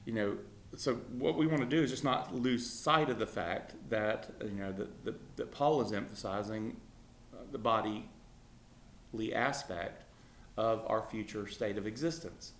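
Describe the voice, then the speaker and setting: A man's voice: fairly low pitch, a little slow, slight background noise. A man teaching an informal Bible class, talking conversationally with many fillers and putting questions to his students. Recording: roomy echo.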